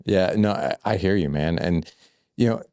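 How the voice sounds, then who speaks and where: A man guest on a podcast, telling animated stories that act out quoted lines, with lots of filler words. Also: deep voice, normal speed, no echo, studio quality. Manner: rambling, heavy use of filler words. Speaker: guest, fatherhood coach. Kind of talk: conversational podcast storytelling.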